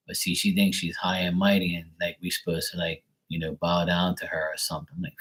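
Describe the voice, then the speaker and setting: A man's voice: low-pitched, little pitch movement, quick pace, few pauses, fairly bright tone, husky, rough recording. A man talking casually and bluntly, venting with plenty of swearing. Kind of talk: casual chat.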